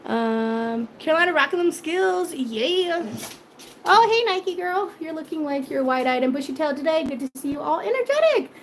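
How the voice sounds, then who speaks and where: High-voiced chatty cooking host woman. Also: animated, fairly quick, few pauses, slight background noise. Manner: chatty, laughs often, answers viewer comments. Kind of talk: casual live-stream chat.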